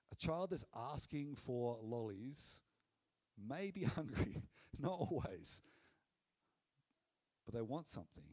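A man preaching a sermon in an earnest, conversational way, dropping low and soft on key phrases.

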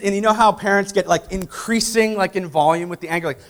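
Storytelling male pastor, slightly high voice. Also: quick pace, few pauses. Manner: storytelling, animated, acts out family dialogue; direct questions to the congregation. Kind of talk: sermon.

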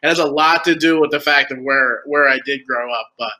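Bright-voiced joking New Jersey man. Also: mid-range voice, fairly quick, poor audio. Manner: joking, easygoing, laughs often. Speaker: guest, baseball team general manager. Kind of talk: casual interview chat.

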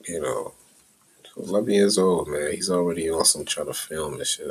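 A middle-aged man with a very low, husky voice talks off the cuff as a podcast host. His street-style chat is loose and profane, sliding from muttered asides into heated rants. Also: normal speed, rough recording. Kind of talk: casual rambling monologue.

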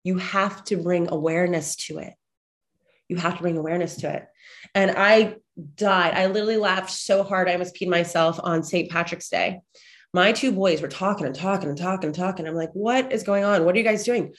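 A lively woman in her thirties talks straight to her listeners, weaving chatty family stories into a motivational pep talk. She sounds a little stuffed up, and she speaks bluntly, even swearing now and then. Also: fairly low pitch, a little fast. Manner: animated, chatty storyteller, blunt and profane at times. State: slightly congested. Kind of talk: motivational monologue with personal stories.

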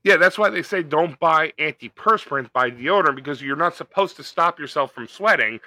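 A man's voice: fairly high pitch, animated, fairly quick, sharp tone, no echo. A man co-hosting a podcast, ranting in casual, profane chat and putting on comic voices. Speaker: podcast co-host.

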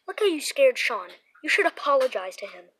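A woman's voice: high-pitched, sing-song, fairly quick, fairly bright tone, a little hiss or hum, rough recording. A woman reading the lines of a stern, scolding father in a children's story, in her own voice. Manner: scolding and lecturing. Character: stern bald scientist father.

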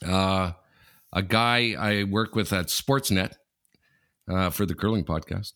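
A man co-hosting a casual sports podcast, telling stories in a rambling, halting way with lots of restarts. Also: sits low, a bit bright. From Canada. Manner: rambling storyteller, halting restarts, laughs a lot. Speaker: podcast co-host.

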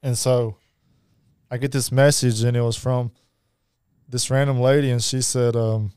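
Man, mellow dark voice, very clear, dry close mic, halting storytelling. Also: mid-range voice, little pitch movement, no room sound. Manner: halting, many fillers and restarts. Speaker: podcast guest. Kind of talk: personal storytelling.

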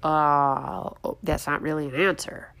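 A woman's voice: sits low, steady tone, unhurried, fairly bright tone. A woman hosting a political opinion show, talking sarcastically and bluntly with a stuffy nose from a head cold. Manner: sarcastic, mocking, outspoken. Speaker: show host.

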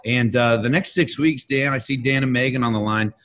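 A man's voice: mid-range voice, a little fast, a bit bright. A man hosting a motivational team call, talking loosely with frequent "uh" fillers and restarts. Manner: conversational, lots of "uh" fillers and restarts. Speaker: host of a coaching call.

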